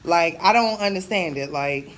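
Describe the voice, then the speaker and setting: A woman's voice: lowish voice, normal speed, slight background noise. A woman in her thirties venting in a casual monologue, blunt and profane, telling her story with jokes. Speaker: vlogger.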